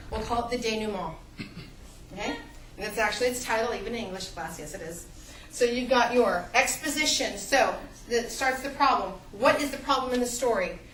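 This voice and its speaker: Female college lecturer, high and animated, acts out reader reactions, recorded from afar in a reverberant classroom. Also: brisk, a little hiss or hum. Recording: echoey classroom, mic far off.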